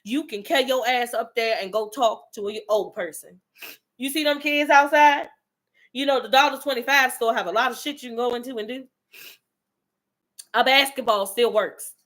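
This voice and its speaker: A woman's voice: fairly high pitch, steady tone, normal speed, a bit bright. A woman giving a fiery motivational monologue, blunt and profane, calling out her listeners directly and preaching tough love. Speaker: motivational speaker.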